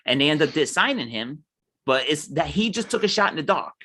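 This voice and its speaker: Bright-voiced New man ranting. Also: on the high side, very animated, brisk, slight background noise. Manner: heated ranting, mimics others. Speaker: podcast co-host. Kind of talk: casual chat.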